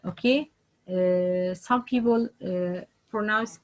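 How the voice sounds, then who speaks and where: A woman teaching Quran letter pronunciation online, speaking haltingly with many fillers and repeated example sounds. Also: mid-range voice, dull audio.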